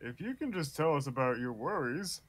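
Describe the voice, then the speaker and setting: A man voicing a gentle young prince from a game, talking quickly and earnestly. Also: a little high, very animated. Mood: pleading. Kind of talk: fan voice-over of game dialogue.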